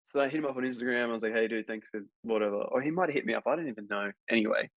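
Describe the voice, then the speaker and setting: Talking very fast, an actor guest with a gravelly low voice rambles through a long, filler-laden anecdote during a casual podcast interview. The sound is dull, dry, and lo-fi, with no room sound.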